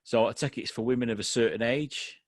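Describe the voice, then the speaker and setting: A man co-hosting a podcast, easygoing and quick to laugh as he asks questions. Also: mid-range voice, no room sound, clean studio sound. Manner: easygoing, laughs often, short agreeing replies. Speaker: podcast co-host. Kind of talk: casual interview chat.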